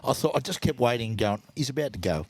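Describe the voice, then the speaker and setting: Animated Australian man telling stories. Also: mid-range voice, fast. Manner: animated anecdotes with put-on quoted voices. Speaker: podcast co-host. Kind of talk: casual storytelling chat.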